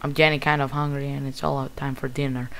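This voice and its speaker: Excitable Greek-accented gamer, creaky voice. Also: male voice, mid-range voice, quick pace. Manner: excitable, bursts of loud exclamations. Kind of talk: casual gameplay commentary.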